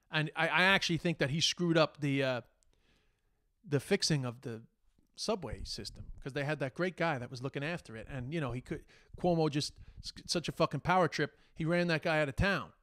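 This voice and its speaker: An Irish man talks through a solo podcast rant, his voice riding high for a man. He sounds exasperated and heated, swearing freely and slipping into mocking impressions as he goes. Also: brisk, a bit bright. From Ireland. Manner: heated, exasperated, profane, mocks quoted speech. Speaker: podcast host. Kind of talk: casual monologue rant.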